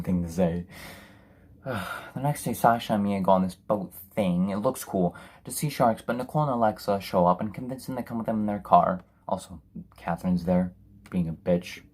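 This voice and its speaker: A man's voice: deep voice, a little mellow, slightly rough. A man reviewing a film in a sarcastic, profane, exasperated rant. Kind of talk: ranting film review commentary.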